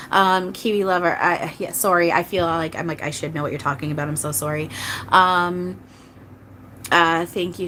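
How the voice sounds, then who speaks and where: This channeler, a woman giving live readings, chats on a live stream in an earnest, rambling way, with frequent restarts and many apologies to her viewers. Her lowish voice has a fairly bright tone, and there's slight background noise.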